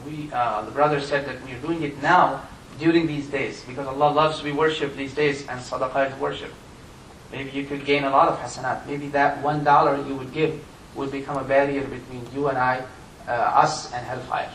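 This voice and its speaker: A man's voice: flat delivery, normal speed, a little hiss or hum. Impassioned man preaching in an echoey hall. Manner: impassioned, voice surging high and loud on key points. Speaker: imam giving Friday sermon. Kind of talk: sermon. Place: mosque prayer hall. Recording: echoey room miked from a distance.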